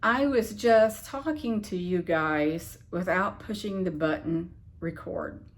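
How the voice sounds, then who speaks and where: A woman's voice: fairly low pitch, takes it slowly. A woman vlogger telling a rambling personal story into her phone, circling back and restarting as she goes, frustrated and puzzled. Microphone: phone camera.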